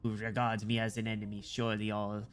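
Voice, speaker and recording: A man's voice: on the low side, monotone, fast, faint music behind, pitched below the performer's own voice, lightly acted. A man reading as a ragged condemned orator. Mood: solemn. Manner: solemn, grand oratory. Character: ragged condemned man giving a prophetic speech. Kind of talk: dramatic reading of game dialogue.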